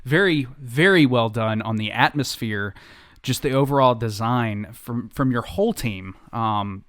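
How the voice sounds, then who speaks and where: Male podcast host, lively storyteller, mid-range voice, dry recording. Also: medium pitch, unhurried, no room sound. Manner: animated storyteller, laughs often. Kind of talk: casual podcast chat.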